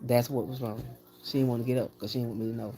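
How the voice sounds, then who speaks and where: A woman's voice: very deep voice, steady tone, quick pace, mellow, a little hiss or hum. A woman vlogging from her bedroom, chatting straight to her viewers in an exasperated, talkative way. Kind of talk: casual chat to viewers. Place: home bedroom.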